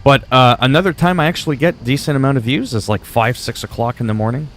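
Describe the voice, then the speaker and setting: A man's voice: mid-range voice, quick pace. Male game streamer from Canada with French as his first language. Rambling, easygoing chat aimed at viewers, mid-range voice. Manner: rambling, chatty, talks to viewers. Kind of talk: casual livestream chat while gaming.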